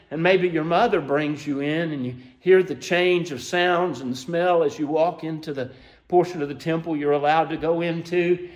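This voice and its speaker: Emotive preacher with a lively voice. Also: male voice. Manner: emotive storytelling, rising to high excited peaks then dropping soft; asks listeners to imagine scenes. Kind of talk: sermon.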